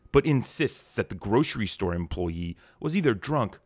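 A man's voice: on the low side, expressive, moderate pace, darkish tone, no room sound, studio quality. Sarcastic man narrating political commentary. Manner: sarcastic, mocking.

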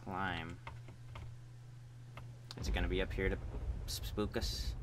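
A young man playing a game talks slowly in a low voice, cursing and joking at what he sees. Keyboard typing is clearly heard behind him. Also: little pitch movement, a little hiss or hum. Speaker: gamer. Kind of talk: casual gameplay commentary.

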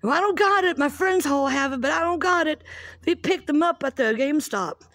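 A woman's voice: sits high, lively intonation, fairly quick, fairly bright tone, no room sound, clean studio sound, pitched above the performer's own voice. A woman imitating her impatient teenage daughter, whining and complaining. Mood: whiny. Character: whiny impatient teen girl.

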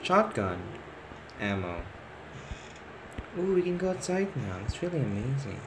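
A man talks himself through a horror game at an unhurried pace, jumping from hushed muttering to sudden excited outbursts. He repeats words when flustered. A faint ambient hum sits behind his voice. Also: mid-range voice. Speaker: gamer. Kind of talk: let's play commentary.

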